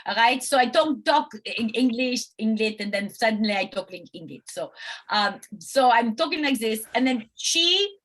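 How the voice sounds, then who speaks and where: A middle-aged woman, an actress guest telling lively stories in a casual interview. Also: a little high, moderate pace. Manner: animated storyteller, lots of "like".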